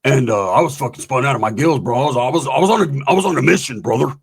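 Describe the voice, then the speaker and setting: A man's voice: medium pitch, lively intonation, fast talker, gravelly, slightly rough, pitched below the performer's own voice. A man putting on a rambling strung-out biker buddy. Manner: rambling, calls everyone brother.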